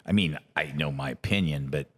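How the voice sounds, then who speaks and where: A man's voice: a bass voice, a little fast, fairly bright tone. A man hosting an interview podcast, asking long, rambling, searching questions. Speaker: podcast host. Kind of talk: conversational interview. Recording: long reverb, echoey room.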